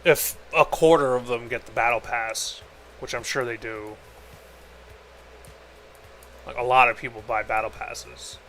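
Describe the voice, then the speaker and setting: A man's voice: medium pitch, steady tone, moderate pace, a bit bright, slight background noise. A man streaming a game and telling a story in a rambling, casual way. He swears freely, leans on "like," and acts out both sides of every exchange he describes. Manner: rambling, profane, leans heavily on 'like'. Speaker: streamer and host. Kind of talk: casual storytelling while gaming.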